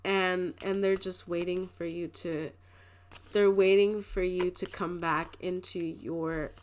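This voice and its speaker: A woman giving a casual tarot card reading to her viewers. She talks in a rambling, emotional way, laughing often and filling her speech with "like". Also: lowish voice. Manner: rambling, emotional, with frequent laughs and filler words. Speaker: tarot reader.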